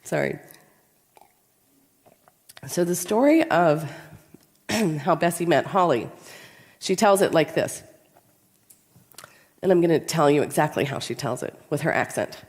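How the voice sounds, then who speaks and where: A woman with a cold, giving a storytelling conference talk in an anecdotal, measured way with pauses. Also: low-pitched, animated, a little mellow. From American South. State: has a cold. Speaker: conference speaker. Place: large conference hall. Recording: long reverb in a large hall.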